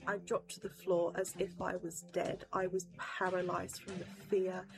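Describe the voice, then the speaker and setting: A woman's voice: lowish voice, little pitch movement, moderate pace, gravelly. A woman describing a vision with intense, dramatic emphasis. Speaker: testimony speaker. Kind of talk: personal testimony. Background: music.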